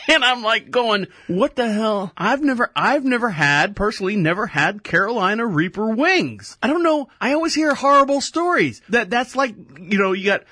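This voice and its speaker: A man tells a rambling story in a loose, casual way, cursing lightly and chuckling as he goes. His voice sits high and sounds bright and forward. It is recorded close and dry, with no room around it. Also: very animated, normal speed, few pauses, no room sound. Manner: rambling, self-amused, swears; laughs mid-sentence. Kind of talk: casual anecdote.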